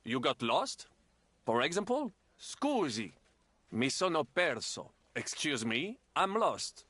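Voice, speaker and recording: A man's voice: a little high, big pitch swings, takes it slowly, bright, forceful tone, slightly rough, no room sound, heavily acted. An actor playing a fussy, theatrical male language teacher in a game, precise and easily exasperated. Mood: patient, exacting. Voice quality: precise, exasperated tutoring manner. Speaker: language tutor. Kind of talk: game voice acting.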